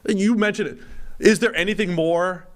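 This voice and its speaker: A man's voice: high-pitched, normal speed. A man co-hosting a casual sports podcast, rambling and mimicking hesitant noises to make a point. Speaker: podcast co-host.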